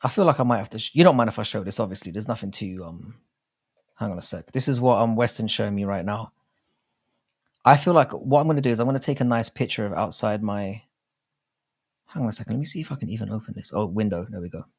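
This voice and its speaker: A man's voice: on the low side, quick pace. A young man hosting a casual live chat, reading viewer comments aloud, over-enunciating his words and swearing freely in crude banter. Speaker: livestream host.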